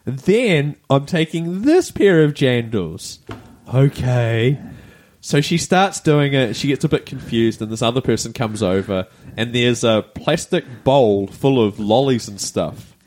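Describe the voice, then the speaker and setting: A man, co-hosting a podcast and telling a story in casual, animated chat. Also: medium pitch, a little slow, a little hiss or hum. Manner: animated storytelling, laughing through it. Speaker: podcast co-host.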